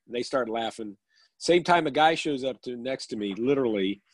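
A man's voice: medium pitch, lively intonation, moderate pace, poor audio. A man, a professional speaker, telling a story on a group call with dry punchlines. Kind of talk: storytelling anecdote. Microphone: phone or video call.

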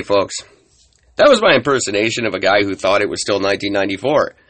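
Man, solo podcast host; exasperated sarcastic rant, husky voice with wide swings. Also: mid-range voice, a bit bright, no echo.

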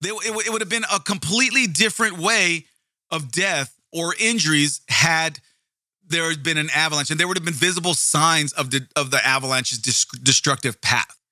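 A man's voice: a little high, normal speed, pushed and bright, dry recording, studio quality. A man hosting a casual video, reading passages aloud and breaking off for profane, wry, emphatic commentary. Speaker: video host.

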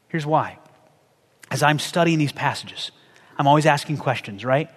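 A pastor with a fairly high voice delivers a sermon to his congregation in a relaxed, conversational style, stopping often to pose questions. His lively intonation keeps things engaged and chatty instead of formal, and a long reverb makes it sound like a large church sanctuary.

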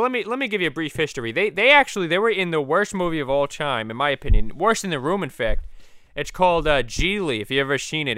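A man with a Boston accent hosting a rambling comedy podcast, crude, giggly and easily excited. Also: fairly high pitch, no echo, clean studio sound.

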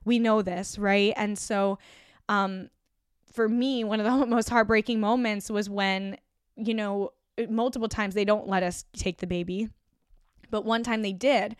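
A woman's voice: medium pitch, steady tone, unhurried, clean tone, no room sound, studio quality. Earnest rambling young woman podcaster. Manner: rambling, earnest, many fillers and restarts. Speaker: podcast host. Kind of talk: casual spoken reflection.

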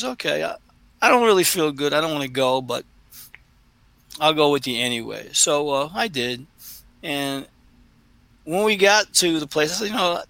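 High, gravelly man telling rambling stories. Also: no echo, poor audio. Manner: rambling, laughing, animated storyteller. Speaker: co-host. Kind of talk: casual chat, storytelling.

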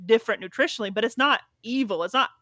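Woman co-host, casual chat, bright forward voice, higher pitch, dry close sound. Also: racing, no echo. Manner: reads prompts, chatty, affirming interjections.

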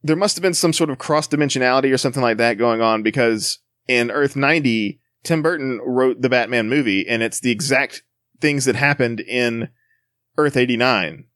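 A male podcast co-host chats casually with wry, sarcastic humor. His voice is medium-pitched at a normal speed, fairly bright, on a dry recording with clean studio sound.

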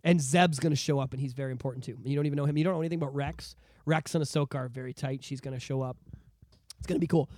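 A man hosting a podcast in casual chat, excitable and emphatic, swearing freely. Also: medium pitch, very fast, no room sound, clean studio sound. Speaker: podcast host.

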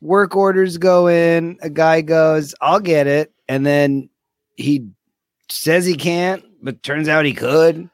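A man in casual chat, easygoing and supportive, telling his own story in a measured way. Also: fairly high pitch, fairly even intonation, no room sound. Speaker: podcast co-host.

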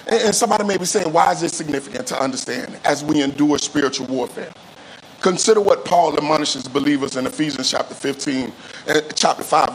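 A man's voice: a little high, a little hiss or hum, poor audio. A male pastor preaching a sermon, calling on the congregation to answer back, stretching key phrases out for emphasis and often repeating words as he restarts. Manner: call-and-response preaching, drawn-out emphatic phrases.

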